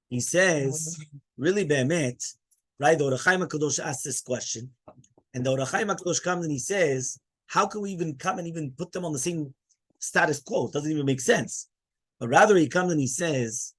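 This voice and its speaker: A rabbi gives a lively Torah class, throwing questions at his listeners and hushing the room. His voice is fairly high for a man and a bit husky. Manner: animated, asks the listeners questions and quiets them. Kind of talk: Torah class to a live audience.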